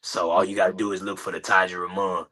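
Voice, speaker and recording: A young man with a low voice that still comes through bright and forceful. He talks in a laid-back, halting way, filling gaps with ums and uhs, as a guest on a casual interview show. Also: little pitch movement, a little hiss or hum. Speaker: guest, son of a late rapper.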